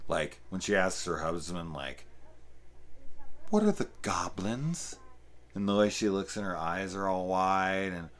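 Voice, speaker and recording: Deep-voiced man swearing through a movie review. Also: fairly even intonation, normal speed, hardly any pauses, fairly bright tone. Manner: profane, rambling, enthusiastic. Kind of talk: casual unscripted review talk.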